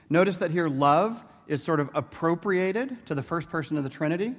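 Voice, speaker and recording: A man lecturing on theology with a slightly raised pitch, keeping it chatty and tossing tag questions at his listeners. His voice trails off into a long, echoing hall reverb. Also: moderate pace, few pauses. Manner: conversational, with tag questions and playful asides. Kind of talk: classroom lecture.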